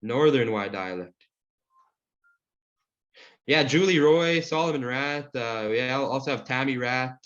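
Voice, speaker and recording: Man, language teacher, relaxed rambling talk, muffled call audio. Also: mid-range voice, a little slow, long pauses. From Saskatchewan, Canada. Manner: relaxed, friendly, rambling with fillers. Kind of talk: online class, answering questions. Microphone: video call.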